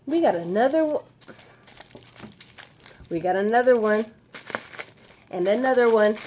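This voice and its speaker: Slow, gushing young woman unboxing gifts. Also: a little high, a little hiss or hum. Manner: excitable, emotional, slangy and effusive. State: throat dry. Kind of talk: casual unboxing vlog.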